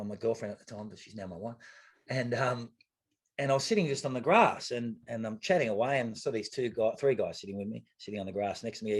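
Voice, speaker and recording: An Australian man spins a story in a relaxed podcast chat, his voice slightly husky and his delivery lively. He jumps into other people's voices as he retells the scene. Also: medium pitch. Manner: animated, acts out quoted voices, swears casually. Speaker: guest, retired triathlete. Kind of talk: casual storytelling interview.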